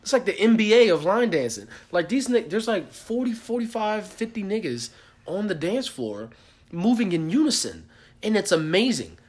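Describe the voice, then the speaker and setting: A young man casually telling a story on a podcast, animated and profane, acting out the people he quotes. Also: sits high, normal speed. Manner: animated, swears a lot, acts out quotes. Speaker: podcast co-host.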